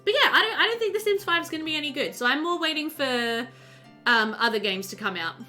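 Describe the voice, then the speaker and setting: A woman talks her way through a live game stream, sliding between the game and her chat. Her voice sits a touch high and sounds bright and forward. She is chatty and easily excited, with lots of ums, and faint game music plays behind her. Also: fast. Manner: chatty and excitable, many fillers, reads and answers chat. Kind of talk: casual live-stream chat while playing.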